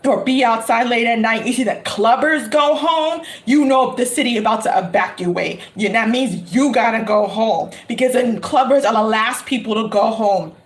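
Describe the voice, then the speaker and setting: A woman, a tarot reader telling a lively story with dramatic, drawn-out exclamations. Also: fairly high pitch, echoey room. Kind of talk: animated storytelling.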